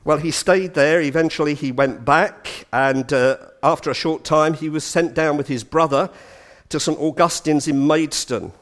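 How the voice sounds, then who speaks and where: Guy giving a talk, kinda high voice, lively storytelling with asides. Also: normal speed. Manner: animated, with chatty asides. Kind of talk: storytelling lecture.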